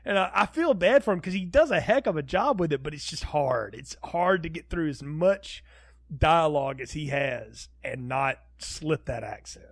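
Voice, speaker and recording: A man co-hosting a film review podcast in casual chat, animated and laughing often as he acts out quotes. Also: on the high side, normal speed, slightly rough, no echo. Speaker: podcast co-host.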